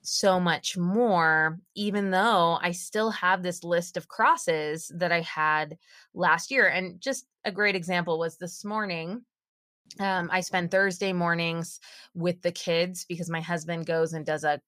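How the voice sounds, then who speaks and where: A woman in her thirties telling a story as a podcast guest, lively and animated, with her voice leaping up as she acts out what was said. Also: a little slow, dry recording, studio quality. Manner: animated, acts out quotes with big pitch jumps. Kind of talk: casual interview storytelling.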